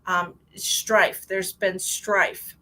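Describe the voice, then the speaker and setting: A woman giving a live-streamed psychic reading in a chatty, animated way, with many restarts and a lot of "like". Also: lowish voice, drawn-out words, rough recording. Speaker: psychic medium.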